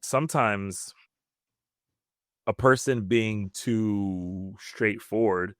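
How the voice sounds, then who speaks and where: A man co-hosting a casual podcast, talking quickly and thinking out loud with fillers and restarts. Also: lowish voice, clear, resonant tone, dry recording, clean studio sound. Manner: quick, self-reflective, many fillers and restarts. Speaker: podcast co-host. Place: podcast studio.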